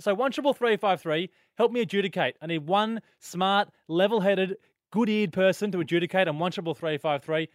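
An Australian man co-hosting a radio show, teasing his partner and laughing often in quick banter. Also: high voice, no room sound, studio quality. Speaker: radio co-host. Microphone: studio microphone.

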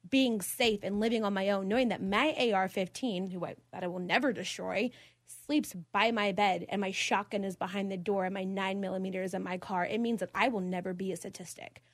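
A woman's voice: medium pitch, steady tone, brisk, dry recording, clean studio sound. A woman in her twenties hosting a talk show, blunt and opinionated, laughing often. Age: 20s. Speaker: podcast host. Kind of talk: casual debate chat.

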